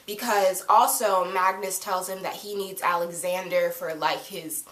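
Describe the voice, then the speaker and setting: Excitable woman reviewing TV, echoey room. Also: lowish voice, a little slow. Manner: excitable, gushing, swears freely. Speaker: TV episode reviewer. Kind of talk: casual fan review.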